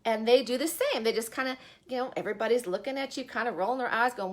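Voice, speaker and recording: Talking fast in a voice on the high side, a woman who works as an online business coach hosts a cheerful, chatty live stream. She broadcasts from a bedroom at home and frequently asks her viewers questions.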